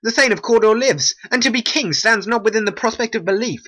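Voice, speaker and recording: A performer playing a wary young nobleman in a homemade stop-motion play. The voice sits well above the narrator's own pitch and sounds bright and husky, with a lively, questioning rise. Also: fairly quick. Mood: demanding. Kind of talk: homemade animation voice acting.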